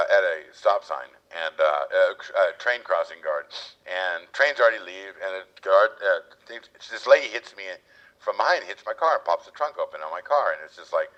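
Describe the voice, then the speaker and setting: A man guest telling casual stories and acting out the people in them. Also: low-pitched. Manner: animated storyteller, acts out quotes. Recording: lo-fi muffled audio.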